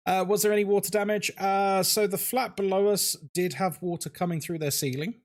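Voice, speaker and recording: A man's voice: high voice, steady tone, measured pace, long pauses. A man streaming a horror game, chatting casually, greeting viewers and laughing often. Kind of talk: casual live-stream chat.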